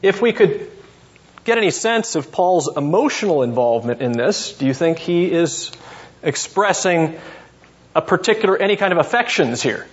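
A man's voice: a little high, animated, normal speed. A male seminary professor leading a classroom Bible lesson, putting questions to students by name and thinking aloud as he goes. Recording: dull lo-fi classroom recording.

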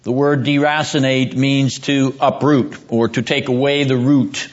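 Male seminary lecturer, slow and deliberate, keeps clearing his throat, muffled lo-fi classroom recording. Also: level tone. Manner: drops low and grave when stressing judgment.

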